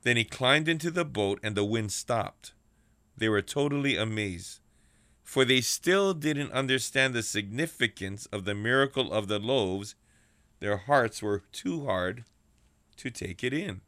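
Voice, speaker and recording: A man preaching a sermon, with slow, repetitive rhythm and addresses to his congregation. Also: mid-range voice, lively intonation, a bit bright, dry recording.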